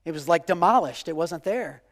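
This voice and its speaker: A man in his forties preaching a sermon with passion, repeating phrases and swinging from loud declarations to hushed, quiet lines. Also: a little high, lively intonation, normal speed, big-room sound. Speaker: pastor.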